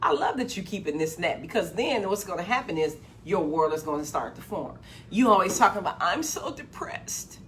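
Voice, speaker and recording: A woman giving a live-streamed motivational talk in a preachy call-and-response way, repeating her phrases and swinging from loud excitement to a low voice. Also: fast, slight background noise. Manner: gets loud with excitement, then drops low. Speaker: motivational speaker.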